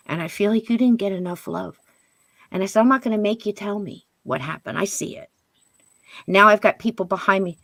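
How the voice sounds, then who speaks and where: A woman telling a ghost story as a guest medium on a paranormal interview show, in a voice of middle height. She acts out what she and others said and sometimes drops to a hush. The sound is dry and close. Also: medium pitch, brisk, dry recording. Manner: animated, quotes spirits and herself in hushed voice.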